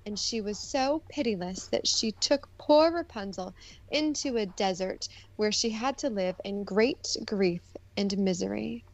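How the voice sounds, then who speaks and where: A woman podcast co-host reading a fairy tale aloud and chatting, animated and teasing. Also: mid-range voice, unhurried, creaky. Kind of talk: casual chat and storybook narration.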